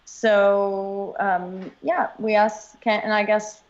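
A woman's voice: medium pitch, flat delivery, takes it slowly. Woman chatting on a dull lo-fi line. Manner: conversational, with many ums. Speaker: podcast guest, book co-author. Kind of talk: casual podcast chat. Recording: dull lo-fi audio.

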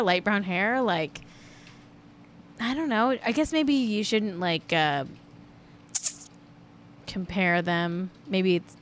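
A woman's voice: medium pitch, a bit bright. A woman chatting through celebrity gossip in a loose, rambling way, her voice sitting in a middle register. She rambles from point to point and slips into playful sing-song riffs. A faint hiss of room noise sits under her voice. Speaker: host. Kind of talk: casual celebrity gossip chat.

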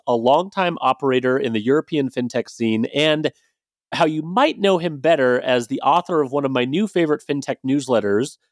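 A man's voice: medium pitch, no room sound, studio quality. A man hosting a podcast in a casual, chatty way, with loose phrasing and hedging fillers. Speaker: podcast host.

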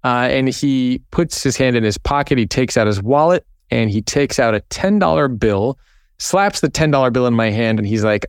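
A man recounts his own story as a podcast guest, animated and vivid, voicing the people in it. His tone is smooth and resonant, recorded close in a dry space. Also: mid-range voice, moderate pace, no echo. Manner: animated storyteller, acts out quoted voices.

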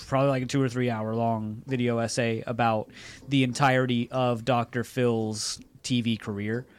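A man's voice: mid-range voice, little pitch movement, normal speed, clear, resonant tone. A man co-hosting a podcast in casual chat, blunt, opinionated and swearing freely. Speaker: podcast co-host.

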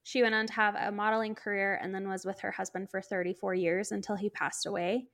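A woman's voice: mid-range voice, little pitch movement, fairly quick, a bit bright. Chatty woman podcast co-host. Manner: chatty, frequent "like" fillers, laughs while talking. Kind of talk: casual chat.

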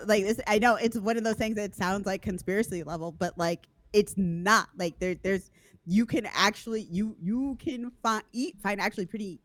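A woman co-hosting a podcast, emphatic and quick in casual chat, piling on her points. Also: medium pitch, dry recording. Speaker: podcast co-host.

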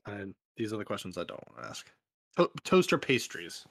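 A man co-hosting a casual podcast, his pitch swinging lively up and down. He jokes around and tells stories with quoted asides. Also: brisk, no room sound. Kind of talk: casual chat.

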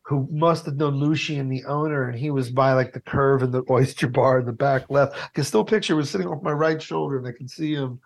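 A man telling a story in a casual interview, lively and animated. He swears easily and slips into other people's voices. His pitch sits in the middle range and the sound is clean. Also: fairly quick, gravelly, hardly any pauses. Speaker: TV food show host, interview guest.

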